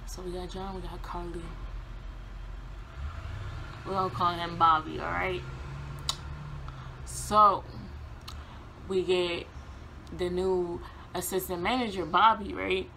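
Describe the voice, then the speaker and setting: A young woman vlogger telling a casual storytime, animated, laughing often and acting out quotes. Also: on the low side, slow pace, vocal fry, long pauses, a little hiss or hum.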